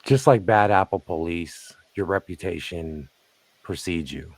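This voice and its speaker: Low-voiced man narrating commentary. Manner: measured, pointed, with rhetorical questions.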